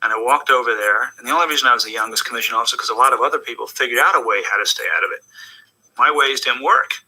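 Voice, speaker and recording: Older man from the United States, interview guest, animated and jokey, tense forceful edge, hushed asides. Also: medium pitch, rapid-fire, slightly rough, rough recording. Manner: animated, jokey storyteller with sudden drops to a hushed tone. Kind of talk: conversational storytelling.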